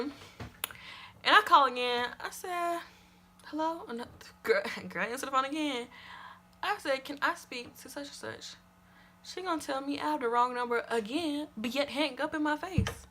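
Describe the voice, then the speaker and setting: In a storytime vlog, a young woman shares a personal story with animated emphasis, repeating lines for effect and casually swearing. Her voice is high and her speed normal, with a bit of hiss or hum in the audio.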